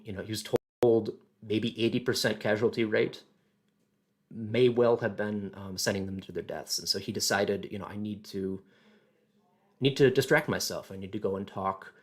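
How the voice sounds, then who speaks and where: A man presenting a casual history talk, halting and thinking aloud with many fillers. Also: fairly low pitch.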